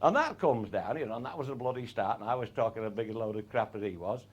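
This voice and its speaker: A man's voice: mid-range voice, expressive, fast, muffled recording, a crowd in the background. A man telling a comic anecdote in an earthy way, swearing freely and chuckling through his punchlines. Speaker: raconteur.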